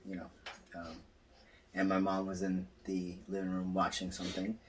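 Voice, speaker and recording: A man co-hosting a podcast, telling stories in casual chat, animated and acting out quotes. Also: low voice, normal speed, recorded from a distance. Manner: animated storytelling, acts out quotes, swears, laughs a lot. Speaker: podcast co-host.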